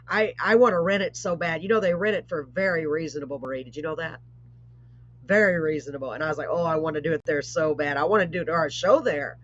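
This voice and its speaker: A woman hosting a live online show, chatting casually with rambling asides and warm blessings. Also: medium pitch. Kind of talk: casual live-stream chat. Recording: dull lo-fi stream audio.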